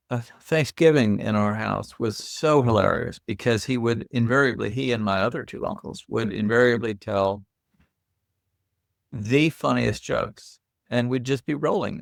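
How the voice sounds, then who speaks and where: An older man, a podcast guest, telling lively anecdotes in a casual interview. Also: mid-range voice, gravelly, no echo, studio quality.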